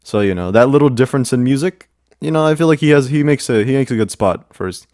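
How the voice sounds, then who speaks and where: A man reviews music in a casual, rambling way, often repeating himself and leaning on fillers. His voice sits at a middle pitch and sounds dry and close, with no room echo. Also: lively intonation, quick pace, a little mellow. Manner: rambling, with many repeats and "you know" fillers. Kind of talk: casual commentary.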